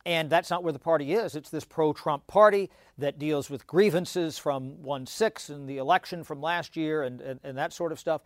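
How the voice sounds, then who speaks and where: A man explaining politics as a guest analyst, talking quickly with stammered restarts and many "you know" fillers. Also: a little high, no echo, clean studio sound.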